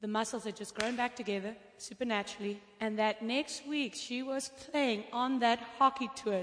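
A woman preacher telling testimonies in an animated, storytelling way, acting out the voices of the people in her stories. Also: a little high, moderate pace, hardly any pauses. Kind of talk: sermon testimony. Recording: long hall reverb.

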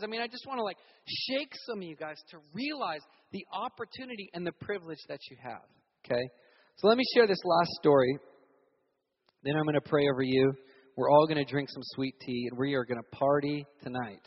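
A young man from Virginia preaching a sermon, telling stories animatedly and acting out loud shouted voices. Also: a little high, brisk. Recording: reverberant hall, dull sound.

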